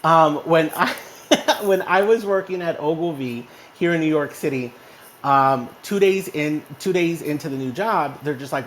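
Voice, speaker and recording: Animated male storyteller with a mid-range voice. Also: fairly high pitch, unhurried, a little hiss or hum. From Texas, US. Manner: animated storyteller who often checks in with "right?". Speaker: co-host. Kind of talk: casual motivational chat. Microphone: phone in a social audio room.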